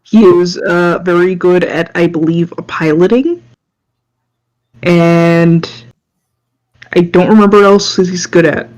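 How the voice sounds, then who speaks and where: Jokey player, mid pitch, muffled mic. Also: steady tone, takes it slowly, pauses often, a little mellow. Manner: joking, offhand. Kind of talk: casual game chat. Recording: dull lo-fi mic.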